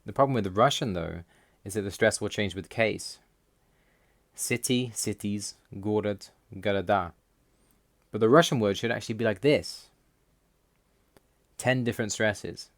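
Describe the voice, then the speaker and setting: A man giving a scripted voice-over explanation, reading out word lists slowly and in a measured way. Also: fairly low pitch, no room sound. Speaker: language learner explaining Russian.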